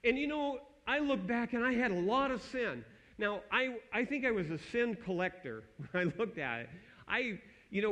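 A man giving an earnest personal testimony sermon, dropping to a hushed tone when he quotes his own thoughts. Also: sits high, rough recording.

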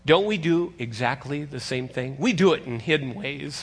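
An older man preaching a sermon as pastor, conversational and animated, teasing his congregation. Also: medium pitch, normal speed, husky.

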